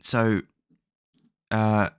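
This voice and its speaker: A man's voice: on the low side, level tone, drawn-out words, smooth, dry recording, clean studio sound. A man casually recapping a book's plot at home, rambling with lots of fillers and frequent swearing. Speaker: book plot summarizer. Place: at home, bedroom with a cat.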